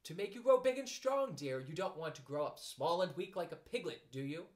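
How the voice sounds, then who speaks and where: A man reading a storybook aloud and voicing a calm, motherly female kangaroo who is soothing but firm and a little severe. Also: fairly high pitch, voice pushed up, lightly acted. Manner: soothing yet brisk and severe.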